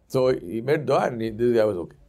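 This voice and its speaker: A man preaching, telling a story with lively delivery and putting on voices for the characters. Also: mid-range voice, quick pace. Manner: animated storyteller who acts out voices. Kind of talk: sermon storytelling.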